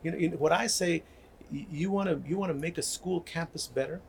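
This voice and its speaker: A man's voice: fairly high pitch, a little fast, creaky, slight background noise. An older man speaking as a guest about healing and community, telling stories earnestly and often checking in with "right?". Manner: earnest, repeats words, asks "right?" often. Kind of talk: conversational storytelling.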